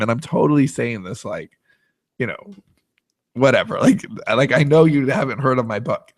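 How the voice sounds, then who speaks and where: A podcast host telling a story in a relaxed, self-deprecating way, laughing often. His voice sits at a middle pitch, and the recording is dry and close. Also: moderate pace, no room sound. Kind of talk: casual storytelling.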